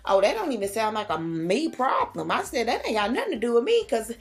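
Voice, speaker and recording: A young woman vlogger telling a storytime in casual slang, jumping up high when she quotes herself. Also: fairly quick, faint music behind. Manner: animated, slangy, big pitch jumps for quoted lines. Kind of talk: storytime vlog, casual retelling.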